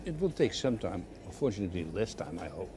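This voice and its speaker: An older man, giving an interview and recalling his retail career in halting, repeated phrases. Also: low voice, big pitch swings. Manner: halting, repeats words while searching for phrasing. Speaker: interviewee, former retail executive. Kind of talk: reflective conversational interview. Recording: noisy background hiss.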